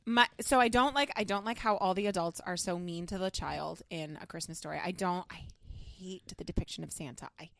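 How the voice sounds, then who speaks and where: A woman's voice: fairly low pitch, fairly quick, creaky, a bit bright. A woman co-hosting a casual chat podcast, emphatic and prone to repeating herself. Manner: emphatic, repeats herself when she dislikes something. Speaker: podcast co-host.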